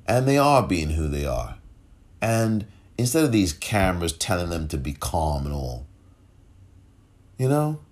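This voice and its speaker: Impassioned deep-voiced man with a husky tone. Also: sing-song, measured pace, long pauses. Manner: impassioned, rising to near-shouted questions; rhetorical, repeats phrases for emphasis. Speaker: podcast host. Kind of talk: solo commentary.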